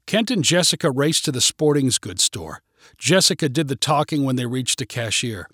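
A man narrating a short story in a clear, steady storytelling voice. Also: mid-range voice, moderate pace, no room sound, clean studio sound.

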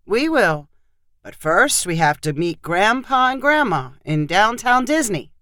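A woman reading aloud plays a tired father in a storybook, strained and quick to defend himself. The voice sits low and sounds dry and close. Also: expressive, dry recording, lightly acted. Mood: defensive.

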